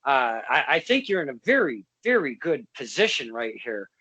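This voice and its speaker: A man's voice: medium pitch, sing-song, moderate pace, bright, forceful tone, slightly rough, highs cut off. A man hosting a casual wrestling podcast interview, chummy and laughing often, with many fillers. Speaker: podcast host.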